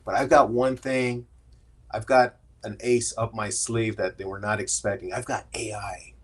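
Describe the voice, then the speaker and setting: A man's voice: fairly low pitch, fairly even intonation, measured pace, slightly rough. A middle-aged man, a podcast guest, talking candidly in a casual interview and often restarting his sentences as he tells his story.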